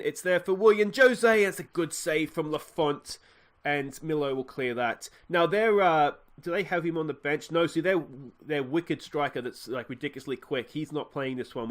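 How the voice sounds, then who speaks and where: A man with an Australian accent hosting a let's play, chatting casually about his football management game and breaking into excited shouts when goals go in. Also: mid-range voice.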